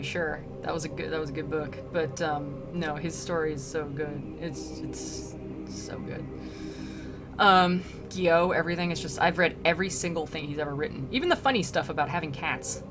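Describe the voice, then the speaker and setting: Young woman, casual streamer chat, reading aloud and joking, faint background noise. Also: low-pitched. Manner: chatty, paraphrases in modern slang, laughs often. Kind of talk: casual read-aloud with commentary.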